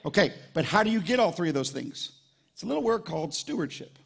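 A man, a pastor preaching a live sermon at a church service in an animated, conversational storytelling way. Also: sits high, fast talker, vocal fry, slightly rough.

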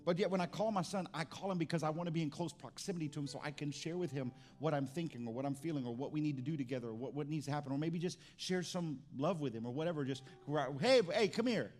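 A man's voice: a little high, quick pace, few pauses, a little mellow. Man preaching a chatty, stumbling sermon. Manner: conversational preaching with repeated restarts. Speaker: pastor.

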